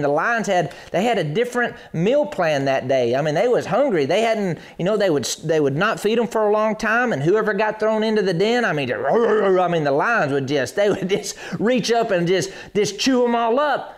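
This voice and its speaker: Male preacher, high and lively, dramatizes scripture for an online congregation. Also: moderate pace, few pauses. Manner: animated, acts out Bible scenes with voices. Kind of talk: streamed sermon.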